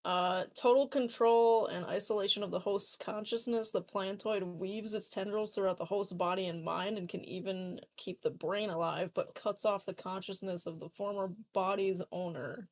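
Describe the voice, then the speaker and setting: A woman playing in a tabletop game, reading the rules text aloud in a steady way. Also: medium pitch, moderate pace, hardly any pauses. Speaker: player.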